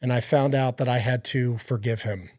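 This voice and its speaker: A man's voice: mid-range voice, steady tone, moderate pace, dry recording, studio quality. A man speaking as a podcast guest, giving an earnest, rambling personal faith testimony with many fillers and restarts.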